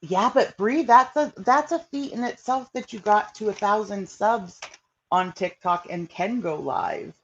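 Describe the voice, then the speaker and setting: A woman's voice: mid-range voice, unhurried, a little hiss or hum. A woman hosts a laid-back livestream and talks straight to her viewers. Her talk rambles and loops, full of fillers. The audio is dull and lo-fi. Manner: chatty and rambling, with many fillers. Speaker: livestream host. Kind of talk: casual livestream chat reacting to viewers.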